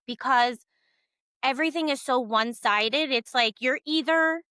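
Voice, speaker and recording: A woman co-hosts a casual podcast with a bright, slightly high voice. She talks earnestly and with emphasis, leaning on "like" fillers. The sound is close and dry. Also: measured pace, smooth, no room sound. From Cuban family background. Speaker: podcast co-host.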